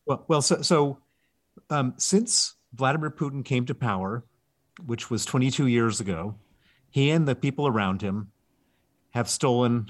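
A man answers questions as a guest author in an interview. He explains emphatically and leans hard on his key words. His voice sits at an ordinary middle pitch. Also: unhurried.

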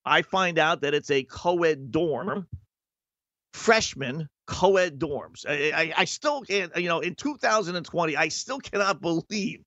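A man's voice: fairly high pitch, sharp tone, dry recording, highs cut off. A middle-aged man hosting a radio show, telling a long personal story in a chatty, self-mocking way. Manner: chatty and self-mocking, acts out quoted people. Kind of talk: casual storytelling monologue.

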